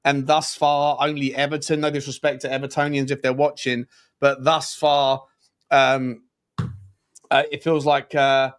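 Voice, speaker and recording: A slightly high-voiced man co-hosting a live football chat stream. He rambles along casually, packing his talk with fillers and asides to his co-host. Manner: chatty, rambling, lots of fillers.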